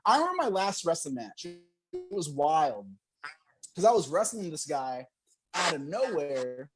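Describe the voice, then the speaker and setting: A man's voice: a little high, very animated, unhurried, faint music behind. A young man doing a stand-up comedy set, talking to the crowd and laughing between jokes.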